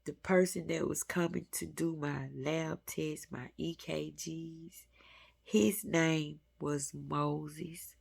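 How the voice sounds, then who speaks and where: Slow, gravelly-voiced woman, earnest and intimate. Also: deep voice, fairly even intonation. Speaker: spiritual vlogger. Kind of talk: heartfelt spiritual talk to viewers.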